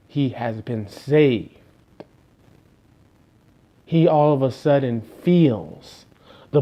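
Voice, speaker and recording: A male preacher tells a parable as a sermon in a mid-range voice. He is dramatic, stretching words slowly and falling to a near hush to drive points home. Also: mid-range voice. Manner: dramatic, slows and drops to a hush for emphasis. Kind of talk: storytelling sermon.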